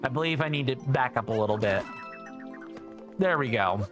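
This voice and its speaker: A woman livestreaming a video game, chatting in a loose, self-deprecating way and tripping over her words, with a little phlegm in her throat. Her pitch jumps around a lot, and clear game music runs underneath. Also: expressive, moderate pace. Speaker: streamer. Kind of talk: casual live game commentary.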